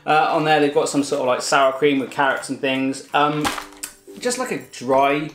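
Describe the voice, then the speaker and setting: A man's voice: fairly high pitch, normal speed, fairly bright tone. A man hosting a casual food taste test with his daughter, chatty and jokey. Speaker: cooking channel host tasting food with his daughter. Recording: roomy echo with faint music.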